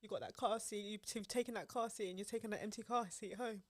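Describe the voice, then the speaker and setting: Here a young woman co-hosting a podcast talks at a quick pace in a mid-range voice, telling lively stories in casual conversation and laughing a lot. No room sound is audible.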